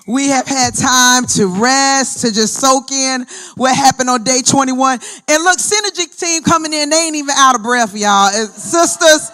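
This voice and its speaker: A woman hosting a women's ministry event at a church, talking to the audience in an excited, chatty way. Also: high-pitched, moderate pace, few pauses, faint music behind. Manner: excited, chatty, laughs often, addresses audience directly. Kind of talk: hyped live event hosting.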